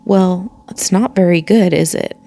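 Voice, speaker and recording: A woman's voice: lowish voice, unhurried, creaky, dark tone. A woman reading a bossy schoolgirl. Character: bossy know-it-all schoolgirl.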